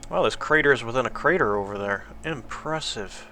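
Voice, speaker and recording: A man's voice: mid-range voice, lively intonation, quick pace, sharp tone, a little hiss or hum. A sleepy man casually commenting on his gameplay, thinking aloud at a drifting pace. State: sleepy, yawning. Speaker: gameplay video host.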